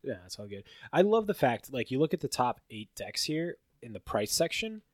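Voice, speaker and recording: This man co-hosts a podcast, casually going over card game results with lots of fillers and a rambling flow that turns animated during the stat lists. His voice is medium-pitched at normal speed, recorded in studio quality with no room sound.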